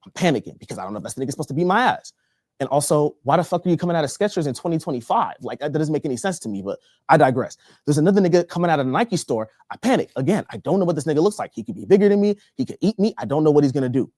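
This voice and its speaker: A young man from Texas doing stand-up comedy, telling a story in an animated, profane way. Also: on the high side, racing, no room sound, clean studio sound. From Texas, USA. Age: young adult.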